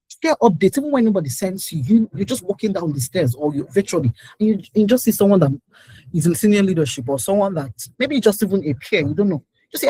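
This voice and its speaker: Woman, motivational speaker, lively swooping delivery, husky voice, dry close sound. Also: medium pitch, fairly quick, dry recording, rough recording. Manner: animated, exhorting, laughs often. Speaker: career speaker. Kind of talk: motivational talk to an online session.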